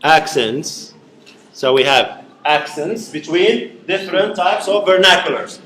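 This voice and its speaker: A man's voice: on the high side, animated, measured pace, fairly bright tone, slight background noise. Man lecturing in echoey classroom. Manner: questions the class, peppers speech with "okay". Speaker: university lecturer.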